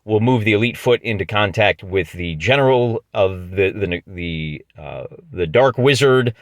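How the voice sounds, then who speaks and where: A man's voice: on the low side, lively intonation, measured pace, no room sound. A middle-aged man with a Midwestern American accent, chatting his way through a solo tabletop battle with jokes and restarts. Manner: chatty, jokey, often restarts mid-phrase. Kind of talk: casual play-by-play narration of a tabletop game.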